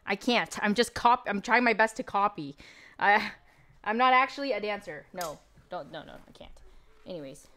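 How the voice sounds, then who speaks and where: A woman's voice: medium pitch, expressive, moderate pace, a bit bright. A woman streamer in casual livestream chat, chatty and self-deprecating as she answers her viewers.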